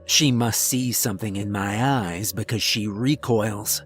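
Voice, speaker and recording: A man's voice: lowish voice, unhurried, hardly any pauses, soft background music. A man narrating a first-person horror story in a tense, scripted delivery.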